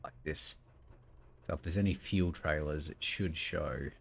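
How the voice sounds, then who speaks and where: Low gravelly man thinking aloud. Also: a little slow. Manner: thinks aloud, mumbles and trails off. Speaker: gameplay streamer. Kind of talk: casual gameplay commentary.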